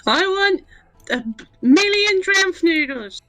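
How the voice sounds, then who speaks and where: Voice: very high-pitched, expressive, takes it slowly, pushed and bright, faint music behind, exaggerated voice, low-quality recording. A woman voicing an eager female adventurer who talks in broken, childlike phrases during a tabletop game.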